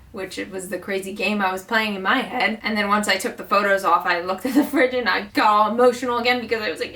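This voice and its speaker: A woman's voice: a little high, brisk, fairly bright tone. Chatty young woman, slightly distant mic. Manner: chatty, rambling, with many likes. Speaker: vlogger. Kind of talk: casual chat. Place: bedroom at home.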